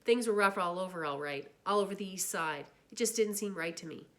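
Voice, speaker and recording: A woman reading a novel aloud in steady, plain narration. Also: medium pitch, fairly quick. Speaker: reader.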